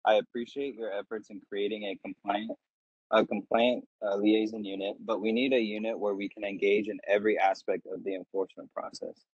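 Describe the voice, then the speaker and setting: A man from California giving a measured, prepared public comment over a call. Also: fairly low pitch, little pitch movement, darkish tone, breathy edge, no room sound. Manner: measured, reading a statement. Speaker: public commenter, consumer advocacy volunteer. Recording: dull dry call audio.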